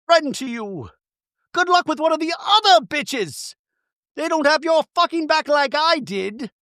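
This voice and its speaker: A shrill, enraged reality-show woman, as a man puts her on hurls cursing accusations in a high, strained voice. Her pitch sits well above his own, climbing toward shouts. The sound is close and dry. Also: very animated, a little slow, no room sound, heavily acted. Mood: furious. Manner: heated accusatory ranting with heavy cursing. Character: furious woman reality star, confrontational.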